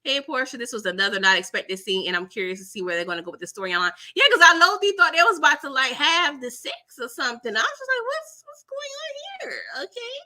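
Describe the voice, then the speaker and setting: Bright, lively woman recapping TV. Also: fairly high pitch. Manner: animated, dramatic, laughing, slangy asides; mimics characters' lines in quick voices. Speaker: recap channel host. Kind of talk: casual TV recap livestream.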